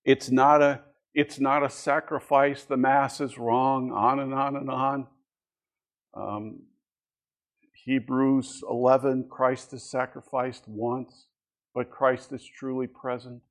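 A middle-aged man gives a church history lesson in a relaxed, conversational way. His voice sits at an ordinary mid pitch. He moves between read passages and personal asides with light, easy asides. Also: takes it slowly. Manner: conversational, tells anecdotes with asides.

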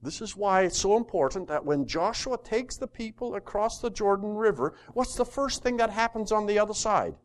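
A man's voice: high-pitched, moderate pace, few pauses. A man teaching a Bible study, reading scripture aloud and putting questions to his listeners. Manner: lively, asks the class questions, reads scripture aloud.

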